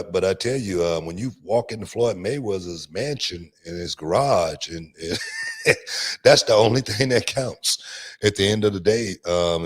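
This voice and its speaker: Deep-voiced middle-aged male podcast host. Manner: laid-back, repeats words while thinking. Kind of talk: casual sports chat. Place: podcast studio. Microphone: studio microphone.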